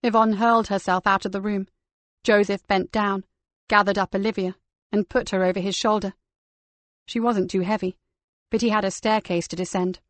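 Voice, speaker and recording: A woman narrating a crime novel audiobook in a steady, measured reading. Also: medium pitch, no room sound. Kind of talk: scripted crime fiction narration.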